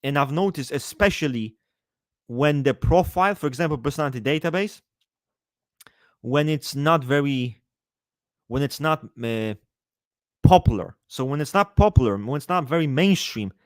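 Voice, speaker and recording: A man chatting casually on a live stream, answering his chat in a profane, rambling, animated way. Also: fairly high pitch, normal speed, long pauses, no echo, clean studio sound.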